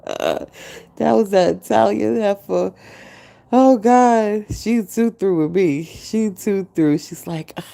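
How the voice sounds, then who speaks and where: A woman's voice: mid-range voice, slow, vocal fry. A woman in her forties hosting a podcast, talking casually and acting out quotes as she tells a story. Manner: animated storytelling, acting out others' quotes, frequent laughter. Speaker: podcast host. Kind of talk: casual monologue. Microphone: podcast mic.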